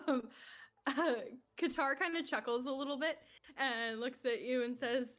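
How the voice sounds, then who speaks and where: A woman's voice: sits high, fairly even intonation, unhurried, a bit bright. A woman narrating as game master of a tabletop game, laughing often as she describes scenes and voices characters.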